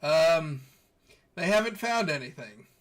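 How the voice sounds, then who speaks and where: A man's voice: on the high side, animated, slow. A man narrating as game master in a tabletop game, chatty and often laughing.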